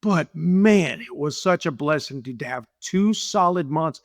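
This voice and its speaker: A man's voice: fairly high pitch, a little slow, no echo, clean studio sound. A middle-aged man, a business owner, telling stories in an interview and acting out the dialogue he quotes. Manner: animated, acts out quoted dialogue, repeats himself. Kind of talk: casual interview storytelling.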